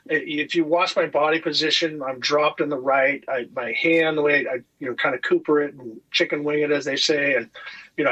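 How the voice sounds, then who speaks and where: Husky former racer telling war stories. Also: male voice, a little high, rough recording. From California. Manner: animated, swears freely, acts out quotes. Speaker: guest, retired motocross racer. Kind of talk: casual podcast storytelling.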